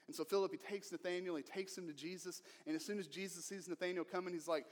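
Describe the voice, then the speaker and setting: A male pastor preaching a sermon in an earnest way, moving between emphatic lines and hushed ones. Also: high voice, steady tone, quick pace, big-room sound.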